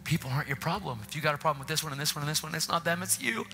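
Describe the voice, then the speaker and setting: A man preaching a passionate sermon in a church, often dropping into hushed whispers. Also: on the high side, racing, soft background music. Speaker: guest preacher. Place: church, faint music behind.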